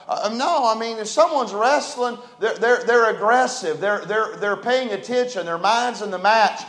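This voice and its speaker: A man preaching a sermon, his voice sitting high for a man. He talks in a folksy way, rising loud and falling quiet. The sound rings around a roomy church sanctuary. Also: moderate pace, few pauses. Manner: folksy, dynamic preaching with big swings in loudness. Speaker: pastor. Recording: echoey church room.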